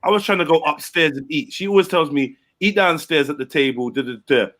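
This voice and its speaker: Middle-aged man, lively storyteller, slightly high and bright voice. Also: brisk. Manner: animated storyteller, acts out quotes with big pitch jumps. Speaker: host. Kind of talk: casual chat, storytelling.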